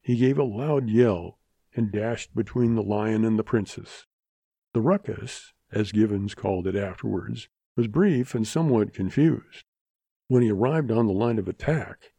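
A man reads a western tale aloud at an even, measured pace, bringing color to the scenes. His voice is dark and husky, recorded close and dry with no room sound. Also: mid-range voice, dry recording. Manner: measured, expressive. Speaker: narrator. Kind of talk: audiobook story reading.

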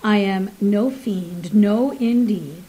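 A woman's voice: medium pitch, slow pace, dark tone, natural voice, poor audio. A woman reading aloud, voicing a formal, polite male professor who travels through time. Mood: superior. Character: urbane middle-aged male professor, time traveler, flustered.

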